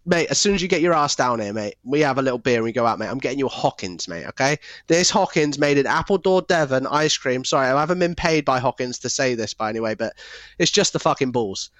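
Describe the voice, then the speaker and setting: A man's voice: medium pitch, animated, fast talker, a bit bright, dry recording. A man co-hosting a casual podcast chat, swearing freely, saying "mate" constantly and laughing often. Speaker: podcast co-host.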